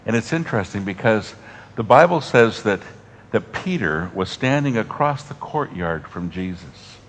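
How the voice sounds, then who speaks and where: A man preaching a sermon to a congregation, moving from strong, raised passages down to soft, almost whispered lines with long pauses. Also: fairly low pitch, expressive. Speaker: pastor.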